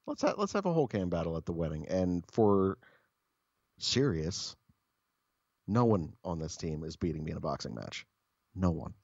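A man with a very deep, husky voice swaps stories on a podcast, blunt and full of swearing. The sound is dry and a bit dull, as if close to a modest mic. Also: a little mellow, no room sound. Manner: profane, blunt and joking. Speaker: podcast co-host. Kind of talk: casual storytelling chat.

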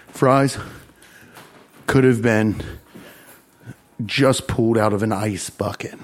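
A man's voice: fairly low pitch, takes it slowly, vocal fry, pauses often. A man telling a profane, exasperated comedy story, acting out the people he quotes. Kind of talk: stand-up storytelling.

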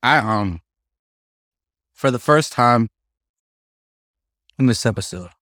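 A young man hosting a casual solo podcast, telling stories in an animated, profane, slang-heavy way. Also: mid-range voice, slow, dry recording, studio quality. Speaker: podcast host.

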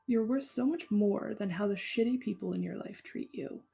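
Gravelly, mellow-voiced young woman podcaster. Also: medium pitch, soft background music. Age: 20s. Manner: impassioned and encouraging, swears freely; drops to a soft, slow whisper for tender asides. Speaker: podcast host. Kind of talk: casual solo podcast monologue.

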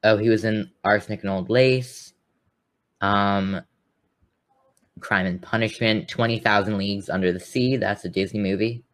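A man's voice: lowish voice, steady tone, normal speed, fairly bright tone. A man co-hosting a podcast, chatting casually and rambling with lots of fillers. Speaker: podcast co-host. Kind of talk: casual chat.

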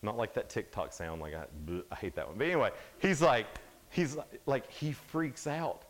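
A man preaching to a youth crowd, retelling a Bible story with lively swings in pitch and volume. His delivery is casual and chatty, peppered with "like" and quick asides to the listeners. His voice sits in a middle pitch for a man. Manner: animated, casual storytelling with many "like"s. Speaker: youth speaker. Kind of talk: sermon.

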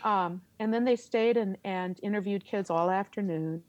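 A middle-aged woman, a theater teacher, telling a story in an interview, animated and laughing as she acts out her reactions. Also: mid-range voice, moderate pace, no echo, lo-fi sound.

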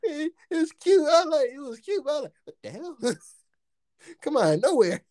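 A man telling a story in casual chat, animated and profane, laughing often and acting out what people said. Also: extremely high pitch, measured pace, dry recording, studio quality.

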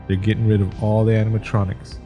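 A man in his forties, a podcast co-host who tells stories in casual movie chat, animated and profane. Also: fairly low pitch, quick pace, faint music behind.

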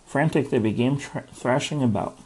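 A man hosting a book club who reads a self-help book aloud in a steady, earnest way. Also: medium pitch, moderate pace, slightly rough, low-quality recording.

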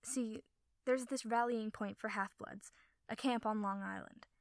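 A woman voicing a guarded eighteen-year-old young man who speaks quietly and reluctantly. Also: high voice, fairly even intonation, a little slow, creaky, clear, resonant tone, no echo, clean studio sound.

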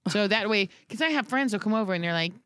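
A woman's voice: mid-range voice, lively intonation, quick pace, a bit bright, clean tone, no echo, studio quality. A woman, a parent, chatting casually and joking with mock-angry outbursts. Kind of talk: casual chat.

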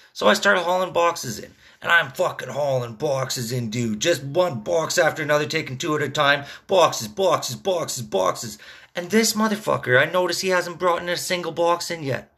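A man's voice: on the high side, gravelly, sharp tone. A young man hosting a podcast, telling rambling, profane stories in a casual monologue, full of "dude" and "man". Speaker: podcast host; construction worker.

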